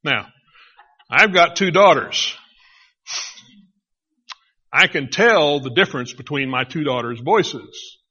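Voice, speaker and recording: A middle-aged man preaching a sermon, retelling a story in a conversational, animated way. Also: a little high, slow pace, pauses often, slightly rough. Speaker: pastor. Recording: dull lo-fi recording.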